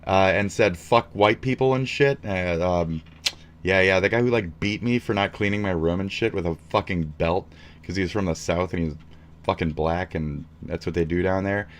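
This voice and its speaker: A man's voice: low-pitched, normal speed, slight background noise. A man streaming live, ranting in a rambling, heated and profane way.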